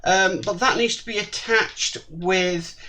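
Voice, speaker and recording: Slow-talking man building a model. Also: sits high, bright, forceful tone, poor audio. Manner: slow, apologetic, mutters while working. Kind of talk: hands-on build tutorial.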